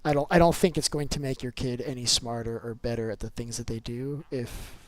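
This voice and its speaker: A man's voice: mid-range voice, fairly even intonation, a little fast, rough recording. A man streaming a video game live, chatting casually and going off on opinionated rants with loose, filler-heavy talk. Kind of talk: casual live gameplay chat.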